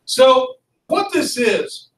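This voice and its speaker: Male history teacher, higher-pitched, lively classroom lecture, distant mic in a roomy room. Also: extremely slow, a little hiss or hum. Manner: lively, constantly checks in with "okay?" and "right?".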